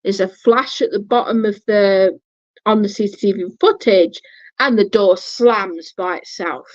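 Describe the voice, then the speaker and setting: A woman's voice: mid-range voice, unhurried, dry recording. A woman vlogger telling a personal story casually, blunt and swearing, often restarting her sentences. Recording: dull lo-fi, dry sound.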